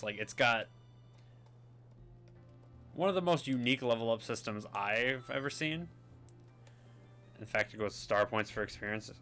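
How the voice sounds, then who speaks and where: A man's voice: fairly low pitch, pushed and bright. A man giving chatty, rambling commentary while playing a video game. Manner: chatty, rambling, self-amused. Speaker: gaming video host. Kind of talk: casual let's-play commentary.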